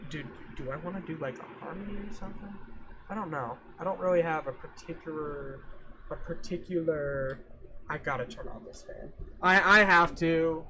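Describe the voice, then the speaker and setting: A man's voice: fairly high pitch, moderate pace, bright, forceful tone, a little hiss or hum. A man chatting casually on a livestream, rambling and thinking aloud, trailing off mid-sentence and humming between thoughts. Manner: hums and scats between thoughts.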